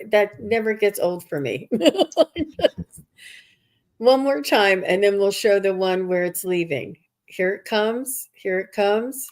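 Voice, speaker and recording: A woman hosting a live stream, enthusiastic and unhurried as she talks to viewers. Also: mid-range voice. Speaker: host.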